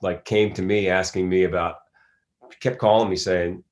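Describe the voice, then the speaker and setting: A man's voice: sits low, steady tone, moderate pace. A middle-aged man from Philadelphia, an actor giving a casual interview, rambling through stories with many restarts. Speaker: actor guest.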